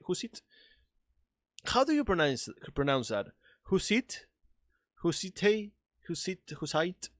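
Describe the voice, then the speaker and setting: A man with a non-native English accent streaming a video game, chatting excitably, laughing and swearing often. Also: medium pitch, dry recording, studio quality. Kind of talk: casual live-stream chat.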